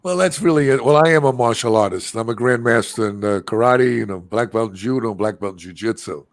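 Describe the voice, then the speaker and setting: A man's voice: medium pitch, a little fast, no room sound, studio quality. A man hosting a podcast, talking in an enthusiastic, rambling, casual way. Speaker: podcast host. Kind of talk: casual chat.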